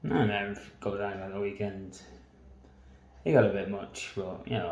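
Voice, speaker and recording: A man's voice: lowish voice, a little slow, darkish tone, roomy sound, poor audio. A man telling a long personal story in a waffling, casual monologue, swearing often and laughing between lines. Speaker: vlogger.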